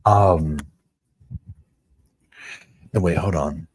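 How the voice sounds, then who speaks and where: Hushed, husky low-voiced male streamer. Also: very slow. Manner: chatty, talking in a hushed quiet voice. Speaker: livestream host. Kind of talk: casual livestream chat. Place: at home with neighbors next door. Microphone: wireless microphone.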